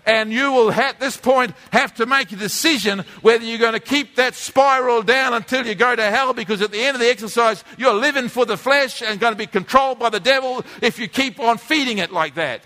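A man's voice: very high voice, fairly quick, hardly any pauses, pushed and bright. A man, preaching a conversational teaching sermon from a drawing board, often repeating and restarting his words. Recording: long reverb of a church hall.

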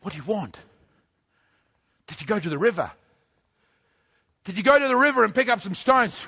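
A male preacher delivering an emphatic sermon, repeating phrases and often shouting. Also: high voice, very animated, moderate pace, vocal fry, husky.

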